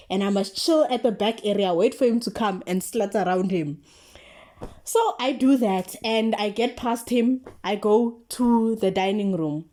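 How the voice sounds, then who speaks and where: A young South African woman tells a story for her vlog in a casual, mellow yet animated way. Her medium-pitched delivery is slangy and packed with filler words.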